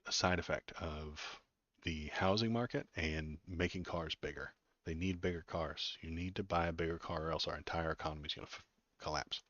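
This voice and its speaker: A man's voice: low-pitched, fairly bright tone, dry recording, lo-fi sound. A man hosting a casual political livestream, ranting with sarcastic, mocking disgust and chatting to his viewers.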